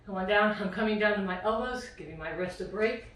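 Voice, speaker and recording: A woman's voice: medium pitch, brisk, fairly bright tone, a little hiss or hum. A woman fitness instructor, out of breath, coaching a home workout, counting reps aloud and encouraging the listener. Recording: very echoey room, mic far off.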